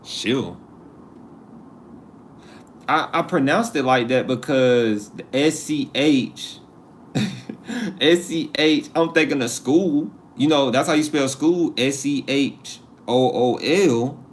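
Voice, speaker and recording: A man's voice: mid-range voice, takes it slowly, slight background noise. A man hosting a casual live stream, joking with his viewers and laughing at himself as he talks. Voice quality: laid-back and joking, talks to chat. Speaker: livestream host.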